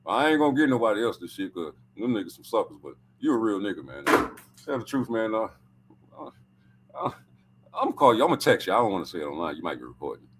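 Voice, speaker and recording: A man voicing a cagey, soft-spoken male boxing promoter who talks low and guarded. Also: big pitch swings, fast talker, slight background noise. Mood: secretive.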